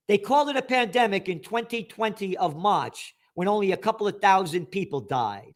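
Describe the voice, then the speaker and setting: A middle-aged man ranting through news headlines, profane and angry, shouting to stress his points. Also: sits high, animated, normal speed. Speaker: trends commentator.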